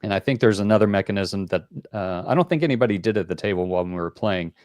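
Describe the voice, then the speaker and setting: A man's voice: fairly low pitch, fast, a little mellow, no room sound, studio quality. A man hosting a board game call-in show, explaining rules in a rambling, casual way with many fillers.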